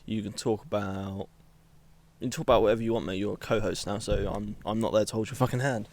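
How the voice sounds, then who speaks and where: Laid-back young man, low voice. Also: steady tone, fast, darkish tone. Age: young adult. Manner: rambling, laughs often, self-mocking. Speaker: podcast co-host. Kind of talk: casual chat.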